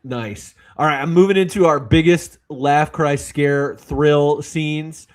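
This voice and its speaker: A man's voice: fairly high pitch, steady tone, slow pace. A man co-hosting a casual movie chat podcast, eagerly quoting favorite lines and laughing along. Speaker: podcast co-host.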